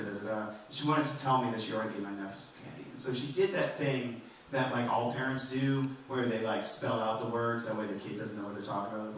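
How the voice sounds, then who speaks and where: A man doing a stand-up comedy set in a club, rambling and self-deprecating, with halting restarts. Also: medium pitch, fairly bright tone. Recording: roomy and distant, faint noise.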